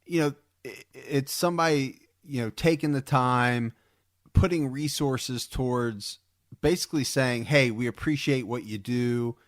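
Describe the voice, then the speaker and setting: A man's voice: medium pitch, a little slow, no echo, clean studio sound. Rambling enthusiastic male podcast co-host. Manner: rambling, repeats words, enthusiastic. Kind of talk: casual podcast chat.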